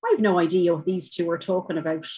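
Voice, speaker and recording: A woman's voice: lowish voice, steady tone, fast talker, dark tone, breathy edge. A woman doing a hulking, indignant neighbour man. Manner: defensive and indignant, chanting at times. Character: huge, unkempt, erratic middle-aged man neighbour.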